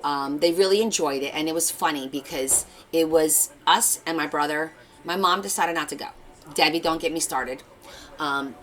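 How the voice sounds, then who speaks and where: A woman's voice: sits low, fairly bright tone, poor audio. A woman hosting a craft livestream, chatting casually and telling stories while she works. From Portuguese family. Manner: chatty storytelling, reads viewer comments aloud.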